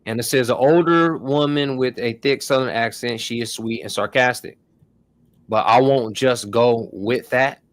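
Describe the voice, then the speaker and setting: A man's voice: mid-range voice, moderate pace, no room sound. Slangy man hosting a tech stream. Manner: loose, slangy, addresses viewers as y'all. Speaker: host. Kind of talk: casual tech tutorial livestream.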